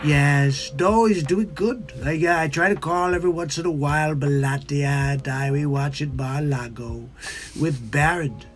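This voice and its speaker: A man's voice: on the high side, measured pace, pitched above the performer's own voice, close to an everyday voice. A man doing a comedic impression of a boastful older male politician who repeats catchphrases.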